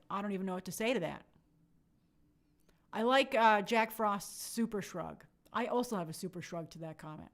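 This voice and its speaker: A young woman hosting a casual live stream, reading viewer comments aloud and chatting in an animated way with many fillers. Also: medium pitch. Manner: chatty, animated, lots of fillers and quoted asides.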